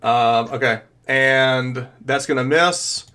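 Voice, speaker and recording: A man narrating as game master of a tabletop game, pausing often with fillers as he describes the action. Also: medium pitch, steady tone, sharp tone, clear, resonant tone. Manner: hesitant, filler-heavy narration.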